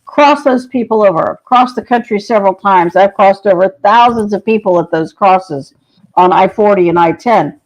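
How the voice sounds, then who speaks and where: A woman's voice: mid-range voice, moderate pace. A woman guest on a podcast telling spiritual stories in an earnest, compassionate way, recorded with dull lo-fi sound. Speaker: shaman guest.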